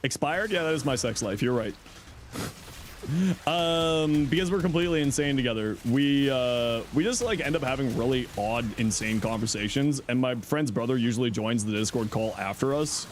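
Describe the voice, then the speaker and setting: A man's voice: medium pitch, moderate pace, slight background noise. A middle-aged man chatting casually on his livestream, answering chat in a playful, teasing way and laughing often.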